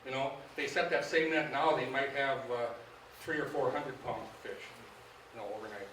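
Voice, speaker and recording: Middle-aged fishing guide, folksy and animated storyteller, distant mic in a boomy hall. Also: male voice, moderate pace, slight background noise. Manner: folksy, animated, acts out quoted dialogue. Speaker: fishing guide giving a club talk. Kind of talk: casual storytelling to a club audience. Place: meeting hall. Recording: echoey room, distant mic.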